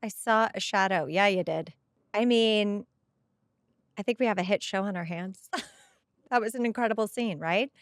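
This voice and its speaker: A woman's voice: mid-range voice, moderate pace, long pauses, no echo, clean studio sound. A middle-aged woman hosting a podcast, talking on a headset mic in an emotional, gushing way as she comments on a show episode. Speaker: podcast host. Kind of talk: casual episode rewatch commentary.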